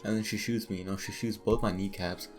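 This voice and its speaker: A man's voice: lowish voice, fairly even intonation, quick pace, soft background music. A man telling a crude, joking story in a casual, rambling way, full of asides. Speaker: storytime vlogger.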